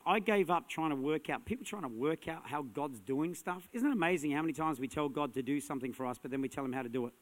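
A man preaching a sermon as a pastor, energetic and punchy, building to loud emphatic peaks. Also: on the high side, fairly quick. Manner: energetic, punchy, rising to shouts.

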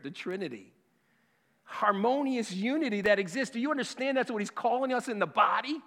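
A man in his fifties preaching a sermon, emphatic and impassioned, then dropping to a hushed voice for a personal story. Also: high voice. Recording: long hall reverb.

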